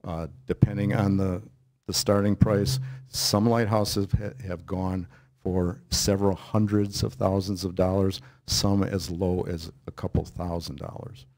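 Older man, very low voice, halting explanatory talk, lecture Q&A. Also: flat delivery, a little mellow. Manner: halting, many restarts, explanatory. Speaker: lighthouse author and lecturer. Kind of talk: casual Q&A talk.

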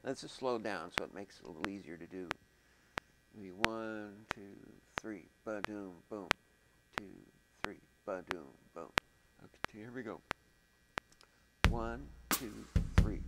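A man's voice: fairly low pitch, fairly bright tone, rough recording. A man teaching music production in a casual, thinking-aloud way, humming out drum rhythms as he goes. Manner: thinks aloud, chatty, vocalizes drum patterns.

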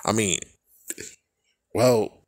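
A young man giving a casual, rambling fan reaction, excitable and swearing freely as he trails off and restarts. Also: fairly low pitch, extremely slow, dry recording, clean studio sound. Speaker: fan vlogger.

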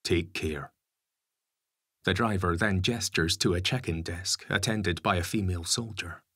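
A man narrating an audiobook story in a measured, even storytelling manner. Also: low-pitched, husky, no echo, studio quality. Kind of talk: scripted narration.

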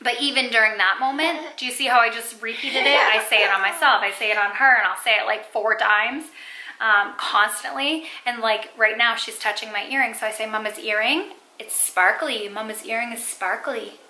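A chatty young woman talks casually to camera, her voice bright and a little high. She leans on "like" and "um" as she goes, and the room around her rings with echo. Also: brisk. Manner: chatty, lots of "like" and "um" fillers. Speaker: mom vlogger. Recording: echoey room.

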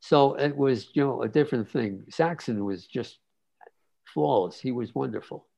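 A man in his nineties, a guest cartoonist, telling stories in a relaxed interview, rambling with many fillers and restarts. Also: mid-range voice, normal speed, gravelly, husky. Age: 90s. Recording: dull lo-fi sound.

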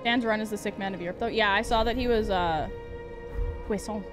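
A woman streaming a game live, chatting casually with her chat, giggling often and breaking into excited outbursts. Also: medium pitch, fast talker, music in the background.

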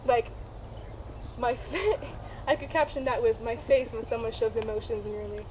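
A woman's voice: on the high side, normal speed, a little mellow, slight background noise. A woman vlogging outdoors with her horse, talking to it playfully and giggling between lines, picked up by a camera mic a few steps away. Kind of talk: casual vlog talk to her horse and viewers.

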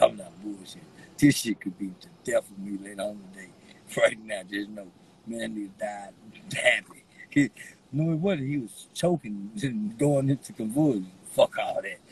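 A man rambling to the camera while high, giggling through his words, teary-eyed from laughing, with a loose, slangy way of talking. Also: slight background noise, rough recording. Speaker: vlogger. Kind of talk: rambling stoned chat to camera.

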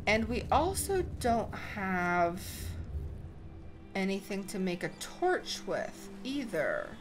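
A woman gaming YouTuber giving excitable let's play commentary, thinking aloud and gasping at surprises. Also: medium pitch, slow, a little hiss or hum.

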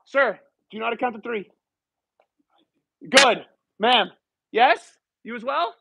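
A man's voice: very high voice, unhurried, gravelly, sharp tone, slightly rough, lo-fi sound. A man teaching a live dance class, counting steps aloud and switching between English and Spanish while joking with students. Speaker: dance instructor. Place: dance studio.

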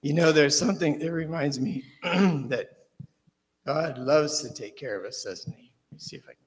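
A man preacher telling a children's story during a church service, animated and dropping to hushed suspense. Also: a little high, moderate pace. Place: church sanctuary. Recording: reverberant church hall.

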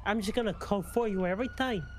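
A man's voice: high voice, quick pace, heavy background noise. Taunting menacing man. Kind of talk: role-play in an online game.

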